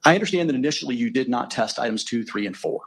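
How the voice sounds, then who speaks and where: A man with a husky, slightly breathy voice cross-examines a witness in a courtroom. He presses methodically, closing his points with leading tag questions. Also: medium pitch, animated, very fast. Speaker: defense attorney.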